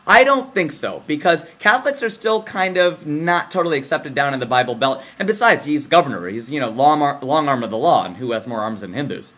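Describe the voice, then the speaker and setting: Animated young man riffing in comic commentary. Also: brisk, hardly any pauses. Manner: animated, casual, slangy, with sudden drops into low asides. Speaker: comedian. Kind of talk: comedic political commentary monologue.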